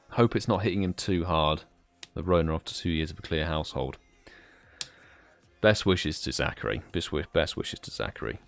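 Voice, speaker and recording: British man, very deep voice, laid-back live stream chat, faint music behind. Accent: British English. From United Kingdom. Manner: relaxed, chatty, greets chat viewers by name. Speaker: livestream host.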